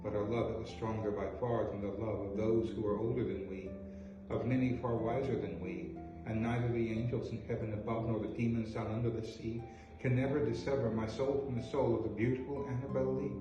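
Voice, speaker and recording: A man hosting a video, reading poetry aloud with a theatrical, drawn-out delivery. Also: fairly low pitch, fairly even intonation, dull audio. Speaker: host. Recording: echoey room from far off, faint music.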